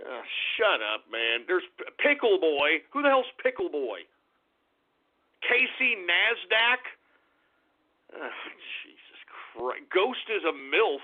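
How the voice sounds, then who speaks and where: A man hosting a talk radio show, reading chat names aloud and launching into angry, cursing, shouted tirades. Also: a little high, big pitch swings, slow. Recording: tinny phone-like radio sound.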